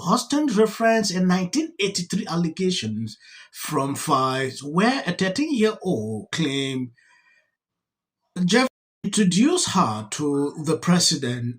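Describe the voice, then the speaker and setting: A man's voice: high voice, fairly bright tone, husky. A man with a Nigerian accent giving exasperated, emphatic reaction commentary on a talk-show clip.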